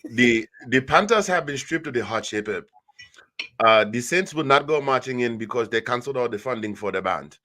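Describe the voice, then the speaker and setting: A man voicing a pompous, overly formal gentleman who talks in stiff, elaborate wording, pitched well above his own voice. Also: animated, moderate pace. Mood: mock-grand.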